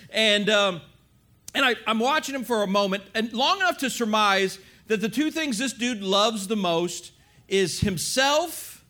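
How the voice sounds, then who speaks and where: High-voiced animated male preacher. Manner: animated, confessional, checks in with listeners. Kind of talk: storytelling sermon.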